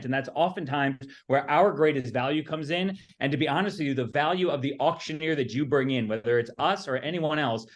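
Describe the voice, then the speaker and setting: Upbeat, confident male auctioneer presenting. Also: mid-range voice. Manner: upbeat, confident sales-style delivery. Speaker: auctioneer and fundraising consultant. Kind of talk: webinar presentation. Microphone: video call.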